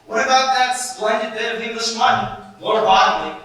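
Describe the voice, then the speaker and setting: Young man playing a pompous sharp-tongued celebrity. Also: very high voice, animated, normal speed, heavily acted. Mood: teasing. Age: young adult. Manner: grandiose, mocking and commanding. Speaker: student actor. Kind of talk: stage play performance. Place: large school auditorium stage. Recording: echoey hall from a distant camera.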